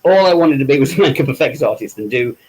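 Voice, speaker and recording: A man's voice: medium pitch, animated, fast, husky, poor audio. A middle-aged man from England, a guest in a casual interview who tells anecdotes, acts out quoted voices and laughs at himself. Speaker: interview guest, makeup effects artist.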